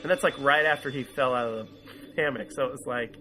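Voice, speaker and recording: A man's voice: medium pitch, brisk, bright, forceful tone, faint music behind. A man co-hosting a casual review podcast, enthusiastically retelling scenes and quoting lines, often laughing. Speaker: podcast co-host.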